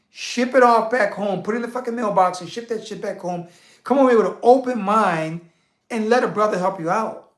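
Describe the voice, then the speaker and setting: A man hosting a casual monologue, answering viewer questions in a blunt, profane, rambling and animated rant. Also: high voice. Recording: roomy echo.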